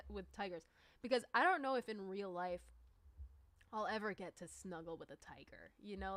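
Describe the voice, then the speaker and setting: A woman's voice: mid-range voice, fairly bright tone. A woman musician chatting to her stream viewers in a loose, rambling way, with lots of filler words and a mid-range voice. The sound is dry and close, with no room echo. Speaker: livestreamer and musician. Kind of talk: casual livestream chat.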